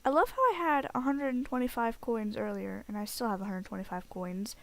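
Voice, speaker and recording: A woman giving casual gameplay commentary as a let's play host, chatty and rambling, getting excitable at game events. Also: a little high, brisk, vocal fry.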